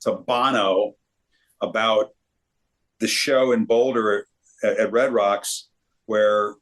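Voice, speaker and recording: A man, talking in an easy, casual interview. He is an animated storyteller who often repeats words as he gathers his thoughts. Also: lowish voice, slow pace. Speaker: sportscaster guest.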